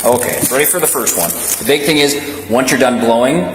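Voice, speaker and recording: A man speaks in a middle-pitched, even voice as a police officer, coaching patiently and reassuringly. He is recorded on a body camera in a booming station room with a constant loud hiss. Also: normal speed. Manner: calm, reassuring, step-by-step. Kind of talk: procedural instructions to a detainee. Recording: echoey room with loud background hum.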